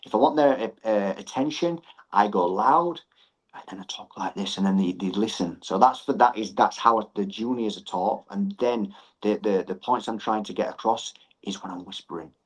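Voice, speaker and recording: A middle-aged man with a somewhat low voice. He explains things earnestly as a podcast guest and repeats phrases to drive a point home. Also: poor audio. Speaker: martial arts gym owner and coach.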